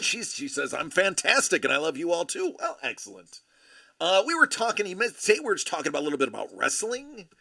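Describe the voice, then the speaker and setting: A man's voice: on the high side, creaky, pushed and bright. A man hosting a casual live stream, reading viewer comments aloud and chatting back to them.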